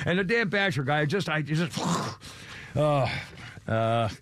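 A man's voice: on the high side, lively intonation, slow pace, fairly bright tone, no room sound. An older man hosting a radio show, chatting casually in a rambling, exasperated, self-deprecating way.

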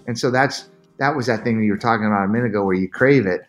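A middle-aged man with a fairly low voice tells his story as a podcast guest, earnest and animated, jumping into quoted voices. Faint music plays softly beneath him. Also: very fast. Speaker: podcast guest, endurance athlete. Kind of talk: candid storytelling interview.

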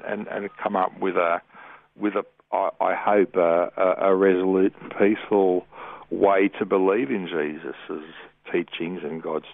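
An Australian man calling in to a radio show, talking in a friendly, rambling, halting way. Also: sits low, gravelly, dry recording. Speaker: caller. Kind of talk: call-in radio talk. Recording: tinny phone line.

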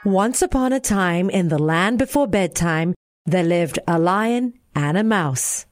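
A woman with a Singaporean accent reading a bedtime fable aloud in a gentle, expressive way. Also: lowish voice, a little slow, soft background music. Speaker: narrator.

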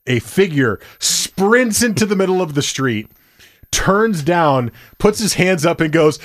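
A young man in casual conversation, telling an animated story and acting out what his friends said. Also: on the high side, a little slow, dry recording. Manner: animated storyteller, acts out quotes.

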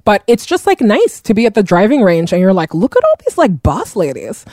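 A woman's voice: mid-range voice, brisk, no echo. Chatty woman, dry close sound. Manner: chatty, animated storytelling with playful voices. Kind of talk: casual chat.

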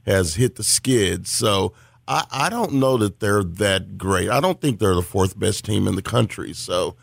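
A man's voice: low-pitched, a little slow, vocal fry, slightly rough, no room sound, studio quality. A man co-hosting a sports podcast, giving blunt, dismissive opinions in casual talk. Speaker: podcast co-host.

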